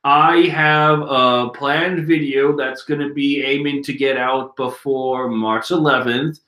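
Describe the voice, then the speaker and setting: A man's voice: medium pitch, fairly even intonation, slow pace, bright, forceful tone. A man casually reading a comic aloud and chatting, with a giggly manner, at home. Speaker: manga reading channel host. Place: room at home. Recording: roomy echo.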